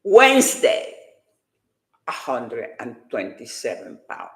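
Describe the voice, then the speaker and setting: A woman and fitness competitor giving an emotional, animated personal faith testimony. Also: a bass voice, slow pace, reverberant.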